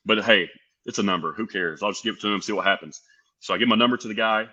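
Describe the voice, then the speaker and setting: Podcast guest: young American man, low voice with a bright forceful edge, animated storyteller. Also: quick pace, muffled recording. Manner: animated, lively storyteller acting out quotes. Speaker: podcast guest, pro wrestler. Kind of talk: casual storytelling.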